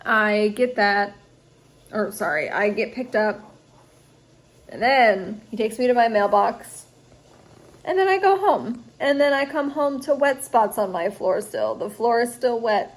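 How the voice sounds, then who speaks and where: A woman's voice: a little high, expressive, slow, long pauses. A young woman, a student vlogger, telling a rambling story in a casual storytime vlog at home, chatty and full of fillers, sounding tired. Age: young adult.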